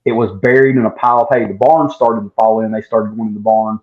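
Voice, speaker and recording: A man's voice: on the low side, flat delivery, fast talker. A man telling a long story in casual chat, full of "I was like" asides, as a guest distiller. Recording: dull lo-fi sound.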